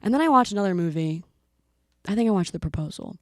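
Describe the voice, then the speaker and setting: A young woman co-hosting a podcast, telling a story in a casual, animated way and slipping into silly voices now and then. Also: on the low side, quick pace, no room sound, studio quality. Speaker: podcast co-host.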